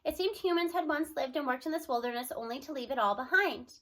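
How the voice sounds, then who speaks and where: A woman reading a children's book aloud in a bright, high voice. Her storytelling is expressive and steady, chapter by chapter. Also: fast talker. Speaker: reader.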